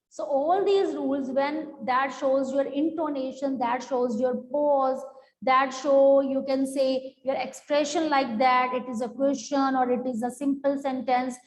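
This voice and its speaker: Slow, high-voiced woman teacher. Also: a little mellow. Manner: slow, explanatory, drawn-out words. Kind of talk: online class teaching. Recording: echoey hall-like room.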